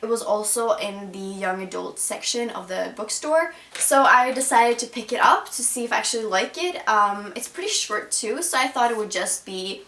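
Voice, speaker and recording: A woman's voice: on the high side, normal speed, hardly any pauses, sharp tone. A young woman chatting casually about the books she plans to read, with lots of "like" fillers. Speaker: book vlogger. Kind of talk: casual book haul chat. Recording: echoey room from far off.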